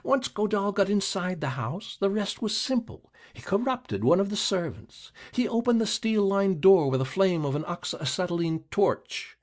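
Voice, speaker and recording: A man voicing a grim, rasping middle-aged male deputy who questions relentlessly. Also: sits high, sing-song, normal speed, few pauses, voice pushed up. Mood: accusing.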